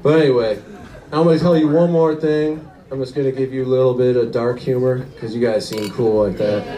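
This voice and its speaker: A man's voice: mid-range voice, fairly even intonation, brisk, dark tone, echoey room, far from the mic, poor audio. A young man doing a rambling stand-up comedy set, often laughing at his own jokes.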